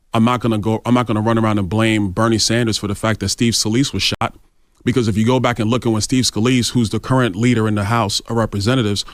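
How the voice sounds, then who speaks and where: A man with a fairly low voice, answering interview questions assertively and pushing back on each point. The recording is dry and close. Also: dry recording. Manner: assertive, argumentative. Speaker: congressman guest. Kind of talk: radio interview.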